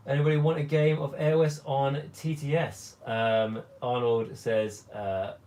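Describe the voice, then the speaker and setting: A young man hosting a long hobby livestream, his voice hoarse and worn from talking for hours. He rambles along in a casual, unhurried way and reads viewers' comments out loud. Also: medium pitch, steady tone.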